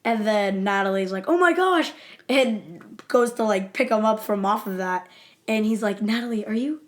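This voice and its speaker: A woman's voice: medium pitch, fairly even intonation, normal speed. A woman co-hosting a podcast in casual chat, running through favorite moments and laughing often. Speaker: podcast co-host.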